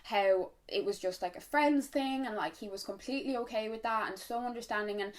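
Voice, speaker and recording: A young woman with an Irish accent talks straight to camera in a casual story-time vlog. Her voice sits a little on the high side, and she speaks frankly, with lots of fillers and blunt swearing. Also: brisk. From Ireland. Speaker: vlogger.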